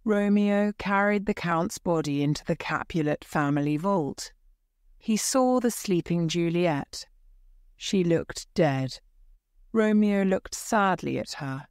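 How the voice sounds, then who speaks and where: A woman reading a simple story aloud for English learners, slow and careful. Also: lowish voice, darkish tone, clean tone, no room sound, clean studio sound. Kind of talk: slow graded-reader narration for English learners.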